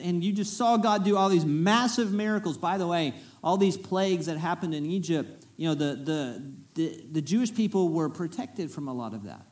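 High-voiced preacher, folksy and lively. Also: male voice. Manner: lively, folksy, storytelling with humorous asides. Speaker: pastor. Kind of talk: conversational sermon.

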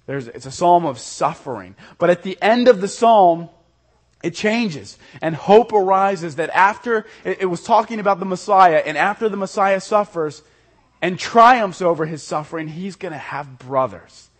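A male pastor preaching a sermon earnestly, swinging from loud emphasis to soft, intimate lows. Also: animated, moderate pace.

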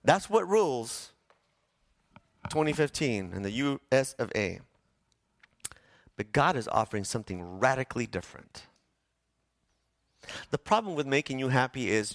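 A man preaching a sermon to his congregation, animated, asking them questions and acting out quoted voices. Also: a little high, brisk, pauses often, dry recording, clean studio sound. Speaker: pastor. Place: church sanctuary.

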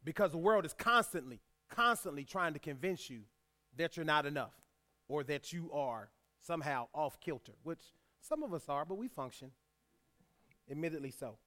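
High-pitched guy preaching, reads scripture and says stuff twice for emphasis. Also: expressive, moderate pace, sharp tone. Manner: repeats key lines for emphasis, folksy asides. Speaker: pastor. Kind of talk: sermon with scripture reading.

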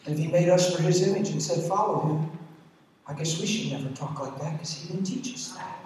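A middle-aged man preaching a sermon, emphatic, swinging between loud calls and hushed asides. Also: high-pitched, fast talker, slight background noise. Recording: distant mic in echoey hall.

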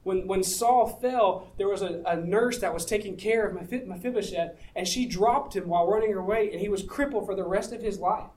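High-voiced man preaching a sermon. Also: brisk, hardly any pauses, darkish tone, low-quality recording. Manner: conversational, asks the audience rhetorical questions. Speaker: pastor.

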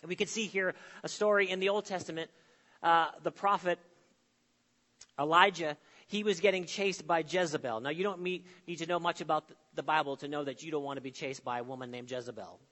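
A man preaching a sermon with emphatic phrasing, dramatic pauses and sudden drops to a soft voice. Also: a little high, steady tone, big-room sound. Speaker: pastor.

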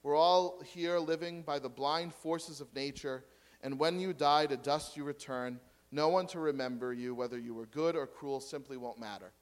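Man preaching a lively sermon. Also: a little high, normal speed, clear, resonant tone. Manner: lively preaching, dropping to quiet asides and rhetorical questions. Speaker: pastor.

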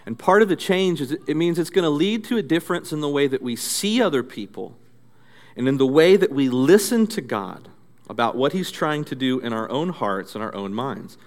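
A man's voice: fairly high pitch, lively intonation, moderate pace. A male pastor preaching a sermon in a conversational, storytelling way. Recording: echoey hall reverb.

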